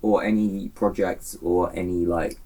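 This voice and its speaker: A man's voice: low-pitched, steady tone, measured pace, creaky, dark tone, far from the mic, rough recording. An English man hosting a podcast, with an easygoing, jokey manner in casual chat on a houseboat. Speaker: podcast host.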